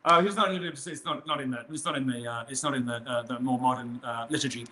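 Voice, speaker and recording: A man's voice: medium pitch, fast, pushed and bright. A man speaking as an interview guest in a casual conversation, rambling with frequent restarts and a mocking, provocative manner. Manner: rambling, with many restarts and fillers.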